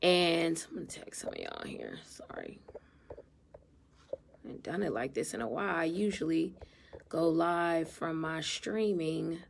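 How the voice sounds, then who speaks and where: This low, sing-song female voice carries vocal fry and an unhurried rhythm, with a faint hiss or hum in the audio. She's an adult therapist, vlogger, wife and mother, live streaming casually from her phone in a heartfelt, earnest, emotional way.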